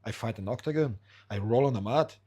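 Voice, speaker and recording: A man's voice: medium pitch, fairly quick, mellow. A man hosting a podcast, talking bluntly and with lots of swearing, in non-standard English. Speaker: podcast host. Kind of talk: casual interview chat.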